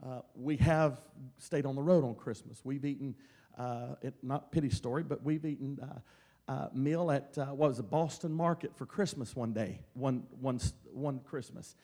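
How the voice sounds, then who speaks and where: A middle-aged man from Mississippi, a traveling evangelist, telling stories that build into loud, shouted Pentecostal preaching. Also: medium pitch, normal speed. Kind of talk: Pentecostal sermon.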